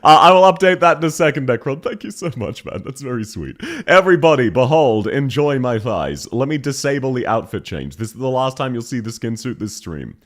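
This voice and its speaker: A man's voice: medium pitch, big pitch swings, fairly quick, few pauses. A male streamer chatting casually with his viewers, laughing often and thanking them, slightly congested and coughing. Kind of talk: casual live stream chat.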